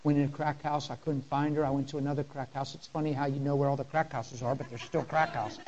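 A male pastor, preaching a sermon in a conversational style and telling personal stories with deep emotion. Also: level tone, fast, darkish tone, muffled recording, slight background noise.

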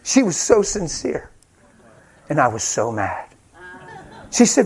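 A male preacher with a high voice tells a personal story in a sermon. He is animated and self-mocking, and he acts out each quoted line. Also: normal speed, long pauses, slightly rough.

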